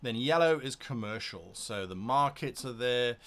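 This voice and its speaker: Speaking at a normal speed, a tabletop game master muses aloud to camera about his prep methods ahead of a session. His voice is medium in pitch, expressive, and fairly bright, and his tone is casual.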